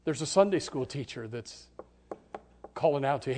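Dramatic preacher swinging hushed to loud. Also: male voice, mid-range voice, expressive, normal speed, slight background noise. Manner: dramatic, swings from hushed to shouting, acts out voices. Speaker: pastor. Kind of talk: sermon.

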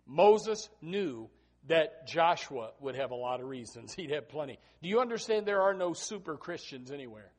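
A man preaching a sermon to students, reading scripture softly and then exhorting loudly, often repeating words as he starts a sentence. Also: a little high, moderate pace, slightly rough. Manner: animated, swings between hushed scripture reading and loud exhortation.

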